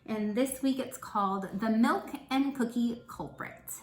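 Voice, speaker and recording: A woman's voice: on the high side, measured pace. Woman teacher, kind and encouraging with young kids, recorded in a room with echo. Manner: encouraging, checks in with frequent "okay?". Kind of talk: classroom lesson for children.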